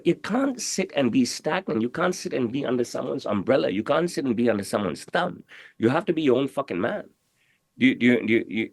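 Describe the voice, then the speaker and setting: A man's voice: medium pitch, dry recording. A man giving an interview in casual talk, swaggering and profane, rambling with lots of repeated fillers. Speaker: interview guest, tailor.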